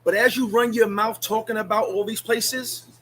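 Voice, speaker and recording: Animated blunt man ranting on a livestream. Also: sits high, normal speed, husky, rough recording. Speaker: livestream host. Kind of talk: casual live-stream rant.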